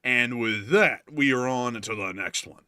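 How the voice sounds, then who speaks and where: A man's voice: mid-range voice, measured pace, clean tone, no echo, clean studio sound. A man hosting a live news stream, reading super chats and answering them in a rambling, joking way. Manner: rambling, jokey, animated. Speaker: host.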